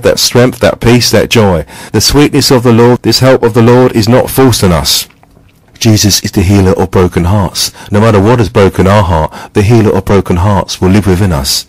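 Low voiced guy reading a sermon, slow steady devotional delivery, dry close sound. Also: no room sound, low-quality recording. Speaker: preacher. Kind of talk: scripted sermon reading with scripture quotes.

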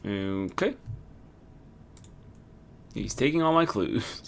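Excitable young man playing a game. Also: lowish voice, very slow, vocal fry, a little hiss or hum. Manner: excitable, laughing, thinking aloud. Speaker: gamer. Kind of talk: casual game commentary.

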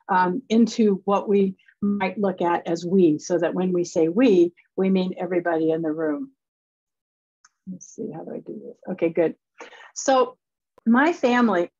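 A woman's voice: lowish voice, no room sound. Older woman lecturing over a dull call. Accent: Wisconsin. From Wisconsin. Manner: chatty, warm asides and laughs between points. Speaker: guest lecturer. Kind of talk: academic lecture. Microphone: remote video call. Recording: dull, dry video call audio.

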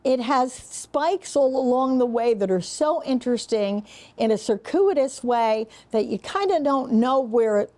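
Slightly high-voiced older woman co-hosting. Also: a little mellow. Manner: playful, teasing, chatty. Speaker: film review co-host. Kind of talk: casual chat. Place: production studio.

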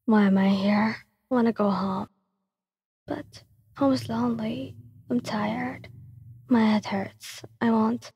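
A woman's voice: on the high side, steady tone, slow, slightly rough, long reverb tail, exaggerated voice. A woman reading as an exhausted, tearful teenager. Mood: tired, tearful. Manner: weary, quiet, apologetic.

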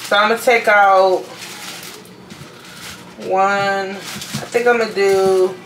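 A woman's voice: medium pitch, steady tone, slow, a bit bright, slight background noise, poor audio. A young woman chatting playfully to viewers while cooking dinner in her home kitchen, sounding sleepy with a slightly worn voice. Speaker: vlogger. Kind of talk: casual cooking vlog.

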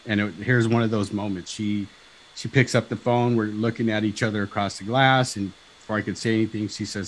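A man in his fifties from Southern California, a talk show guest telling a personal story in an animated way, acting out dialogue and often asking "right?". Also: fairly low pitch, a little fast, a little hiss or hum, rough recording. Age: 50s.

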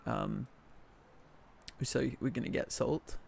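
A man's voice: medium pitch, wildly swooping pitch, slow pace, creaky, darkish tone, slightly rough. A man from northern England streaming a cooking game, chatting casually, thanking viewers by name and joking about himself. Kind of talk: casual live-stream chat.

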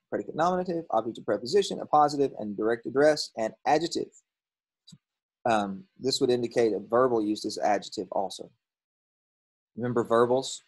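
A man's voice: medium pitch, a little mellow, husky, rough recording. A man teaching a grammar lesson, explaining in a casual way with ums and self-corrections. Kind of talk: recorded classroom lesson.

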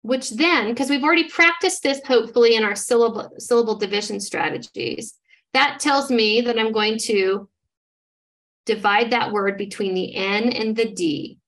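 A woman with a slightly high voice leads a reading lesson, sounding out word parts one step at a time. She keeps an encouraging teacher's manner as she models each step for her listeners. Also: normal speed, fairly bright tone. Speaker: literacy trainer. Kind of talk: instructional demonstration.

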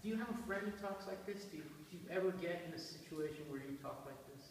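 A man leading a classroom poetry discussion, quizzing students with a lively, playful manner. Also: sits high, fast talker. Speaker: seminar leader. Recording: echoey room from a distance, faint hiss.

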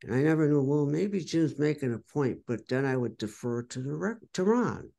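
An older man from the United States tells blunt, candid stories in an interview, and his voice has a gravelly edge. He swears freely and keeps slipping into quoted back-and-forth from old conversations. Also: fairly high pitch, lively intonation, normal speed, warm tone. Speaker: rock guitarist and songwriter, interview guest.

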